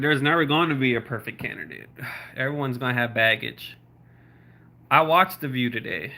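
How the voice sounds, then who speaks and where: A Southern man rambling through a livestream, his voice bright and forward. He talks loosely, full of likes, ums and laughing asides as he answers viewer comments. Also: medium pitch. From South Florida. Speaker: YouTuber. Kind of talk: casual livestream chat reading viewer comments.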